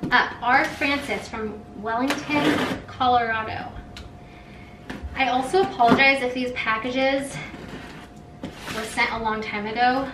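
A young woman vlogging casually as she opens fan mail, gushing and excitable. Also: a little high, background noise. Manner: gushing, excitable, says "oh my god" often. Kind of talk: casual vlog chat, reading letters aloud. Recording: roomy, mic a little far off.

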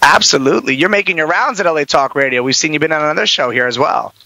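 A man hosting a radio talk show, introducing and questioning a guest in an upbeat, energetic way. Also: a little high, fast talker, gravelly, low-quality recording.

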